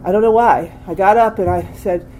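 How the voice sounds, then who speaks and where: Older woman telling her story haltingly. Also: mid-range voice, warm tone, slight background noise, low-quality recording. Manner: halting, candid, frequent restarts. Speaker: speaker sharing a recovery story. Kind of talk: personal testimony.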